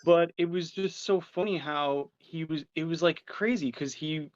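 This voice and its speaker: A man hosting a casual chat show, telling stories with animated energy and some casual swearing. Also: a little high, unhurried, no room sound, highs cut off. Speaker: podcast host.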